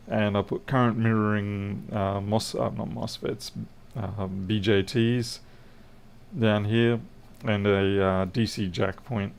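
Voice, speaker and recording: Streaming electronics repairs from his indoor workshop, this middle-aged man with an Australian accent talks in a casual, self-deprecating way. His voice is smooth, fairly low, and darkish.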